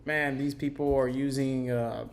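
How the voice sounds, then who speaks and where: A man's voice: medium pitch, steady tone, unhurried, vocal fry, a little hiss or hum. A young man co-hosting a casual podcast, rambling and swearing casually as he talks. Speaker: podcast co-host.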